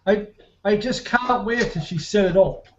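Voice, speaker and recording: Man with a high voice, halting and stammery in casual chat; lo-fi, muffled sound. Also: a crowd in the background. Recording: dull lo-fi audio with faint noise.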